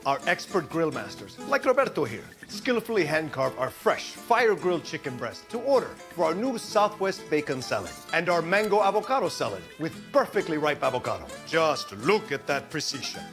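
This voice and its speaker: A peppy, salesy commercial announcer with a put-on Spanish accent, done by a man, his fairly high voice swooping up and down through the pitch. Clear music plays under the whole read. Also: sing-song, fairly quick, hardly any pauses. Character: upbeat male restaurant ad announcer, mock Spanish accent. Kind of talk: radio-style TV commercial voice-over.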